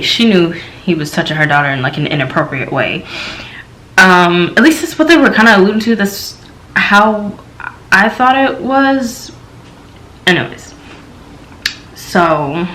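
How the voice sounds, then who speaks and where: A woman's voice: fairly bright tone, rough recording. A young woman from the American South with a light Southern accent, casually reviewing a TV episode in a rambling way with many fillers. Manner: rambling, filler-heavy, slow and low-key. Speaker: TV show reviewer.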